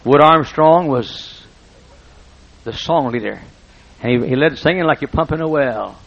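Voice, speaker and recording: A man's voice: on the high side, a little slow, gravelly, a bit bright. A man preaching a sermon, telling folksy, humorous stories and often breaking off mid-sentence. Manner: folksy, humorous anecdotes with self-interruptions. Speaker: pastor. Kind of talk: storytelling sermon. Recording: dull lo-fi recording.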